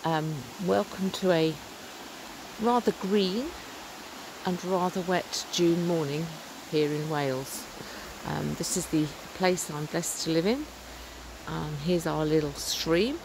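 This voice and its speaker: A woman's voice: low voice, takes it slowly, creaky, background noise. A middle-aged woman talking earnestly and chattily to a handheld camera while walking outdoors by a stream. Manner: earnest, upbeat, chatty with fillers. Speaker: vlogger. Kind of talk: walking vlog, casual talk to camera. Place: outdoors on a rural lane by a stream. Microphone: phone or camera held while walking.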